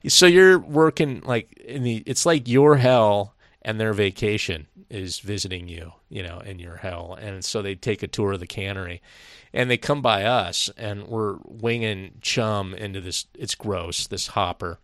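A man's voice: on the low side, unhurried, a bit bright, no room sound, clean studio sound. A middle-aged man co-hosting a podcast, telling rambling stories in casual chat, swearing freely and laughing often. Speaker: podcast co-host.

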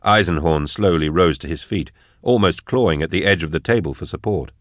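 A man narrating an audiobook in an even, measured delivery. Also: sits low, no echo, clean studio sound. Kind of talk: scripted narration.

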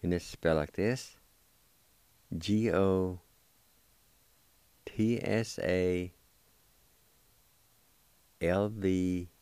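A man with an Oklahoma Cherokee accent leads a radio language lesson, his voice very low and smooth. He spells out each word letter by letter and repeats its pronunciation at an unhurried pace. The sound is close and dry, with no room around it. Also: a little mellow, dry recording. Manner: spells and repeats words slowly for listeners to write down.

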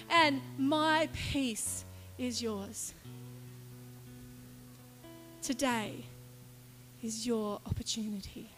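A woman's voice: a little high, extremely slow, pauses often, fairly bright tone, soft background music. A woman leading worship, speaking earnestly in short phrases and inviting people to pray. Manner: earnest, imagery-led, short spoken phrases. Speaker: worship leader. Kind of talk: sermon-style exhortation at a worship service.

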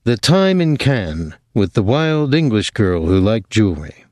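A man narrating an audiobook novel in a steady, plain reading voice. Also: fairly low pitch, unhurried, no room sound, studio quality. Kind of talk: scripted narration.

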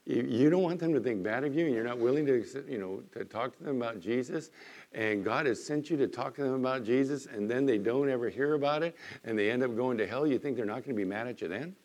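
A man preaching as pastor, dropping to soft, earnest tones and then rising into loud, emphatic bursts. He voices the objections of doubters as he goes. His voice sits in a middle pitch for a man. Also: fast talker. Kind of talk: sermon.

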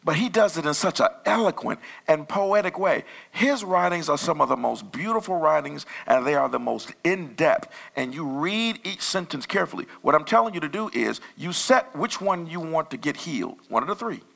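A man preaching a sermon as pastor, talking in a loose, conversational way with sudden loud bursts. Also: a little high, lively intonation, normal speed, creaky, hardly any pauses.

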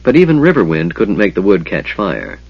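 A man reading a fantasy novel aloud in a measured storytelling manner. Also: sits low, huge pitch swings, creaky, husky, dry recording, muffled recording. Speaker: audiobook narrator. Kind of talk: scripted fantasy narration.

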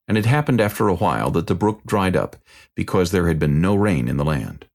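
A man narrating a dramatized scripture reading in a deliberate, measured way. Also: sits low, expressive, a little mellow.

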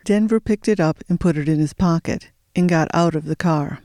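Steady, mellow audiobook narrator. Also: medium pitch, dry recording, clean studio sound. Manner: steady storytelling, slowing for suspense.

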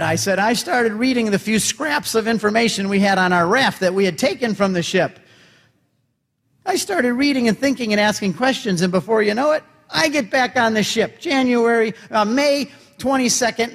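A man with a high voice gives a dramatic, storytelling talk in a large hall, and he jumps between voices as he acts out each exchange. His words ring out with a long reverb tail behind them. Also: moderate pace, fairly bright tone. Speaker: speaker and convert giving a talk.

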